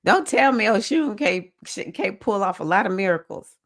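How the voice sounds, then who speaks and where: A woman's voice: medium pitch, animated, moderate pace. A woman hosting a spiritual astrology circle, talking casually and animatedly to her listeners with exclamations and storytelling asides. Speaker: spiritual host leading an astrology and oracle circle. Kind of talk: casual livestream talk.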